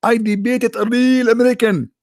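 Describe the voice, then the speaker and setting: A smug, boastful preacher, as a man with an Arabic accent plays him, pitched well above the performer's own voice and pushed loud. He brags and repeats himself, with a gravelly edge. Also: fairly even intonation, normal speed, no echo, studio quality. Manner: boastful, repeating his brag.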